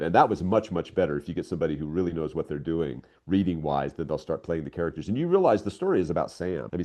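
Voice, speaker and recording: An older man, a writer being interviewed, talking casually and telling stories with lots of excitement. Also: low voice. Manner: animated storyteller, voice leaps up when excited.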